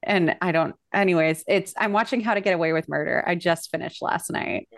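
A woman's voice: lowish voice, brisk, creaky, no echo, studio quality. A young woman co-hosting a podcast, chatting in a gushy, rambling way with plenty of fillers. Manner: chatty, gushing, lots of fillers. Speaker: podcast co-host. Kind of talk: casual chat.

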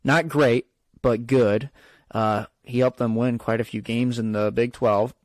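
A man's voice: mid-range voice, steady tone, unhurried, no room sound. A man co-hosting a podcast, chatting casually about football with lots of fillers and restarts. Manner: rambling, filler-heavy. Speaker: podcast co-host. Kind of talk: casual sports chat.

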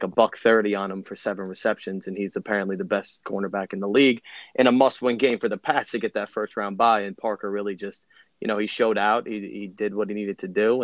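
A man's voice: lowish voice, dry recording. Hesitant young male guest, dull lo-fi audio. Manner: hesitant, rambling, many fillers. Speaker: guest, sports fan. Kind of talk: casual sports chat.

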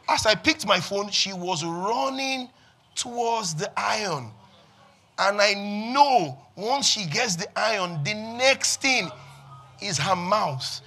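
High, bright-voiced preaching man. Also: slight background noise. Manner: preaching with call-and-response, swinging from quiet to shouting. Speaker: pastor. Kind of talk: sermon. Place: church with congregation.

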